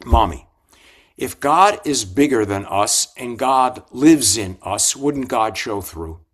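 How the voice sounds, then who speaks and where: A man telling a story, briefly voicing a loud, questioning four-year-old girl. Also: medium pitch, lively intonation, slow. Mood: wondering.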